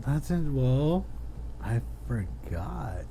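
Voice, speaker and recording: A man's voice: mid-range voice, very animated, very slow, dark tone, slight background noise. A young man co-hosting a podcast, laid-back and casually swearing. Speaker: podcast co-host. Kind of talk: casual chat.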